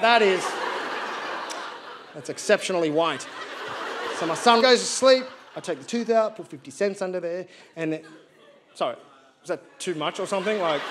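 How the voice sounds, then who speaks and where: Brief: wry, animated stand-up comic, thirties, light high voice. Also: male voice, noisy background. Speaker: stand-up comedian. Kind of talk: stand-up comedy. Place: live theatre stage.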